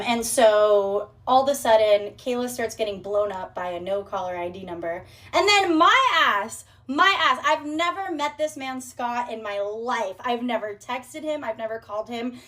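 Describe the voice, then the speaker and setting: A woman vlogger telling a story in a brash, profane, sassy rant. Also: mid-range voice.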